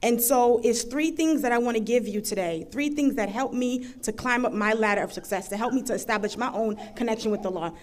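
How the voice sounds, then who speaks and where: A woman's voice: fairly high pitch, fairly quick, hardly any pauses. A woman in her thirties from the United States giving an earnest, emphatic personal testimony as a panel speaker. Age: 30s. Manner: earnest, emphatic, building to passionate intensity.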